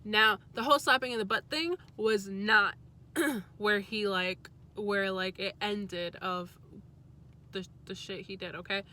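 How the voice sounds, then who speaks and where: A young adult woman vlogger telling a story in a casual, chatty way, candid and quick to swear. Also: mid-range voice, pushed and bright.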